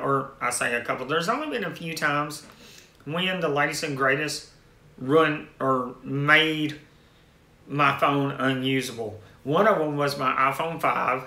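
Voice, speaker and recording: A man hosts a casual tech live stream, rambling and restarting phrases as he answers viewer comments. His voice is very bright and sits a little high. The sound carries a noticeable room echo. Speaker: tech channel host.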